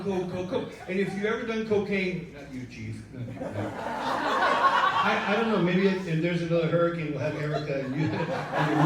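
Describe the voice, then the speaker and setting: A man telling a profane, rambling story on stage, joking with the crowd at a live storytelling event. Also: on the high side. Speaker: storyteller and show producer. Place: live event room with an audience. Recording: echoey room, mic at a distance.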